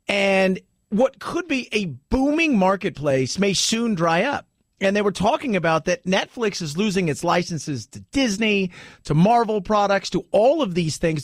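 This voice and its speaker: A man hosting a talk radio show, commenting in an animated, rambling way with restarts. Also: high voice, dry recording, clean studio sound.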